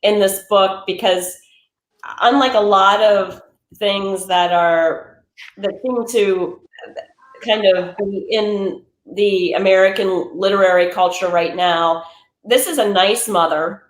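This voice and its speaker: A woman's voice: mid-range voice, slow pace. A woman guest on a podcast, a bookseller, talking thoughtfully about a book with lots of "kind of" and "like". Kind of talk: casual book discussion. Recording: roomy echo.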